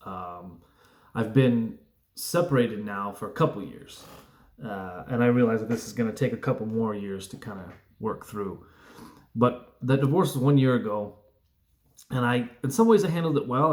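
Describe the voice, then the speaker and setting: Sweaty from a just-finished workout, a male vlogger talks casually to camera, telling a rambling, reflective story. His voice is lowish at normal speed, and the sound is roomy.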